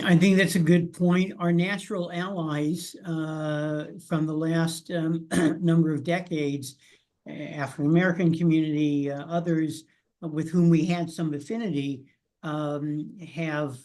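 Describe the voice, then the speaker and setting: A man's voice: on the high side, darkish tone. A man hosting and moderating a group discussion on a video call, speaking politely with frequent hesitations. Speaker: host, educator.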